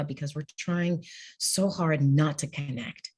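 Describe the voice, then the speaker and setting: A woman's voice: sits low, steady tone, unhurried, a little mellow. A woman guest on an interview podcast, speaking candidly, laughing often and acting out what people say. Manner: candid, laughs often, acts out quoted speech. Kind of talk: conversational interview.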